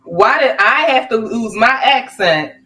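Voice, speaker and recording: Woman putting on a brassy shouting sitcom wife. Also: lively intonation, a little slow, far from the mic. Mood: brassy, exasperated. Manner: high shouted put-on voice. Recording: roomy, from the mic, faint music.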